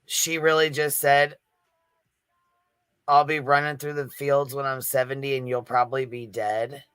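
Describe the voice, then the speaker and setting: A man comments on a replayed clip, indignant and profane, stumbling over repeated words. His voice is bright and smooth, recorded close and dry. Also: medium pitch, level tone, a little slow, no room sound. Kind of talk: reaction commentary.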